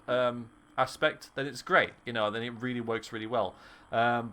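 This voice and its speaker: A man with a mid-range, fairly bright voice streams a video game, giving casual commentary. He's chatty and joking with viewers and laughs frequently, and faint game music plays in the background.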